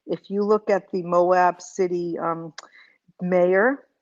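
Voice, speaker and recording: A woman's voice: on the low side, level tone, measured pace, a little mellow, dry recording, lo-fi sound. A woman calling in to a live show, chatty and full of restarts. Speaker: caller. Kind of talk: call-in chat.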